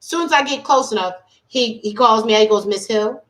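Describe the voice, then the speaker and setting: A woman life coach gives a tarot reading on a casual livestream. She talks in an emphatic, colloquial way and repeats her points for weight. Her voice sits slightly high. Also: lively intonation, a little fast, fairly bright tone. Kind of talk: casual livestream talk and storytelling.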